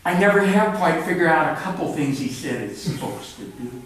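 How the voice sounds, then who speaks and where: At a live event in a cultural center's event room, a male author reads from his own books in a wry, plainspoken way, drifting into rambling asides between pieces. His voice is fairly high and lively in intonation, a touch fast. The roomy recording was made from afar on a distant mic, with a noisy background.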